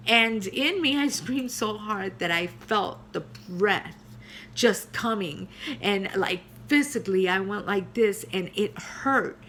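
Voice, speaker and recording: A middle-aged woman pastor telling her personal testimony in an earnest way, with many pauses and fillers. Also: medium pitch, a bit bright, slight background noise.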